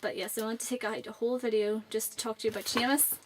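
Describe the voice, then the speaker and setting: A woman's voice: a little high, little pitch movement, fast, a little hiss or hum. Chatty Northern Irish teenage girl. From Northern Ireland. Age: late teens. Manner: rambling and chatty. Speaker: vlogger. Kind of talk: casual chat to camera.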